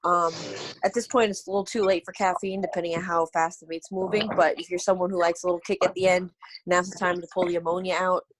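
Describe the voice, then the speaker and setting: A woman's voice: fairly low pitch, flat delivery, quick pace, rough recording. A woman lifter giving matter-of-fact advice on pushing through a heavy last lift. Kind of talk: casual advice talk.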